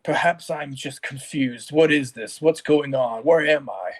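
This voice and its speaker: A man voicing a confused ancient male warrior in a tabletop game, asking halting questions. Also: medium pitch, roomy sound, close to an everyday voice. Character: bewildered ancient male warrior, just awakened.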